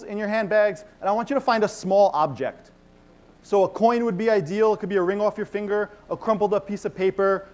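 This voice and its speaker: A man with a fairly high voice leads a live stage act as a mentalist, talking to a hall of a few thousand people. He is upbeat and commanding, and he teases the crowd while he gives instructions. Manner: energetic, commanding, playful crowd work. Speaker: mentalist performer. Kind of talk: live stage show with audience participation. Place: large conference hall with audience.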